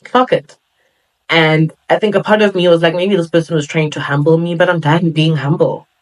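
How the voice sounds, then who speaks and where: A woman's voice: low-pitched, fairly even intonation, brisk, low-quality recording. Young woman from southern africa, solo podcast host, earnest pep-talk vibe. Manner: earnest, motivational, with playful quoted asides.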